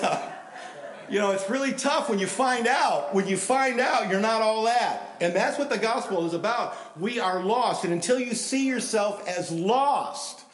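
A man preaching a sermon, telling stories and acting out the people in them, sometimes shouting. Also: sits high. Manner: animated storyteller, acts out quotes and shouts for emphasis. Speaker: pastor. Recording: echoey room.

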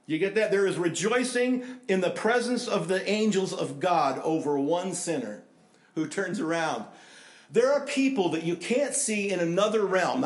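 An older American man preaching a sermon with emphasis, repeating key phrases and swinging between loud and hushed delivery. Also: a little high. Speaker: pastor. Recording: echoey room.

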